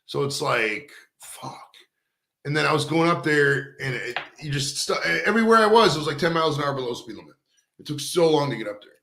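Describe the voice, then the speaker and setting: A man's voice: on the high side, lively intonation, brisk, vocal fry, bright, forceful tone, reverberant, slight background noise. A man hosting a casual stoned chat, rambling at length and swearing, calling everyone dude. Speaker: host. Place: studio.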